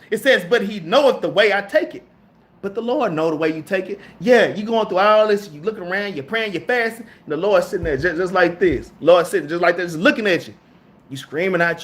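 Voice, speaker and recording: A man's voice: high-pitched, a bit bright. A man preaching a casual, slangy Bible lesson, reading verses aloud and then explaining them, saying "man" and "all right?" again and again. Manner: reads scripture aloud and then riffs on it. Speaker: preacher teaching a Bible class. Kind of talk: street-style sermon.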